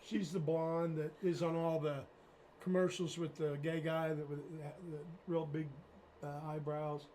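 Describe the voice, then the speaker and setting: A man's voice: a little high, little pitch movement, a little slow, dark tone, slight background noise, poor audio. A man, a radio host, chatting casually on a podcast in a goofy way, often trailing off and cutting in. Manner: goofy, interrupting, trails off mid-sentence. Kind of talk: casual chat.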